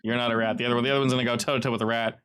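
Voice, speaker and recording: A man narrating as game master of an online tabletop game, with animated jumps in pitch. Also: very fast, smooth.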